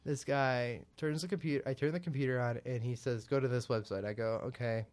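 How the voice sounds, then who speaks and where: A man's voice: medium pitch, fairly even intonation, brisk, darkish tone. A young man co-hosting a casual talk show, telling a story and acting out both sides of a phone call. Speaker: podcast co-host.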